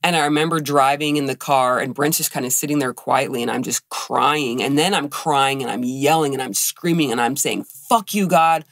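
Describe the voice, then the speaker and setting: A woman's voice: rumbling low, steady tone, a little fast, few pauses, no echo, clean studio sound. A woman co-hosting a podcast, telling an emotional personal story with lots of quoted dialogue. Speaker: podcast co-host.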